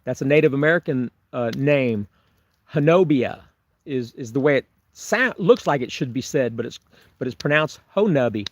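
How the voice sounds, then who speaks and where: A man's voice: mid-range voice, animated, fairly quick. Chatty man rambling on a livestream. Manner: rambling, chuckling, frequent restarts. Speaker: Bigfoot researcher vlogger. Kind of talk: casual livestream chat reading viewer comments. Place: camping on remote forested property.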